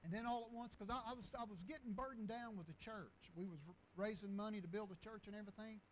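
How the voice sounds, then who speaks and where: High-voiced preacher man. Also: fast, slight background noise, low-quality recording. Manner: folksy, rambling with restarts and chuckles. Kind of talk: storytelling sermon.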